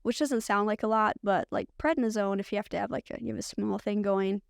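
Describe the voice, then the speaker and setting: A woman with a medium-pitched, brisk voice and vocal fry speaks in a clean, dry studio recording with no room sound. As a podcast guest, she tells her own story candidly and ramblingly, using "like" as a frequent filler.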